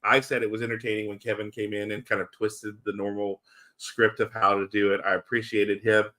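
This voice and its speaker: A man's voice: fairly low pitch, level tone, a little fast, pushed and bright. A man co-hosting a casual wrestling podcast, rambling with many fillers and restarts. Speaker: podcast co-host.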